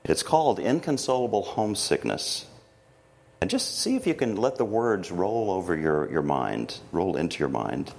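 A middle-aged man, teaching a church class on emotions in a gentle, halting way with many fillers, slowing down softly when he reads prayers. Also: low voice, very animated, gravelly. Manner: slow and soft when reading prayers. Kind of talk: teaching talk with guided reflection.

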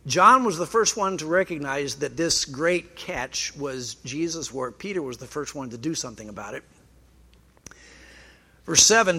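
A man's voice: a little high, sing-song, normal speed, sharp tone, breathy edge. A man preaching a sermon in a conversational way, with dry self-deprecating humor. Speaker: pastor.

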